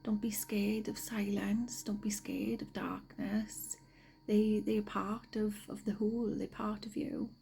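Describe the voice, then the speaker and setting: A woman giving gentle spiritual guidance, slow and often half-whispered, sniffly from a cold. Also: medium pitch, level tone, vocal fry, slight background noise, low-quality recording. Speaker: spiritual card reader. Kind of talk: soft-spoken spiritual guidance.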